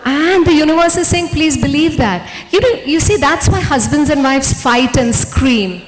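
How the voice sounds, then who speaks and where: Soft-spoken Indian woman speaker, hall reverb. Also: moderate pace, over music. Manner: soft-spoken, gentle, acts out dialogue with lively pitch jumps. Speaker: speaker at a women's forum session. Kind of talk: motivational talk with audience questions. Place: large event hall.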